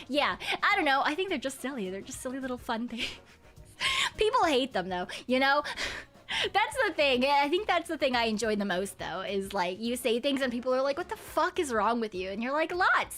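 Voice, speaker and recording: A woman's voice: fairly high pitch, fairly bright tone. A young woman streamer in casual chat with her viewers, loose and giggly, swearing freely and humming while she reads chat. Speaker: VTuber streamer chatting with viewers.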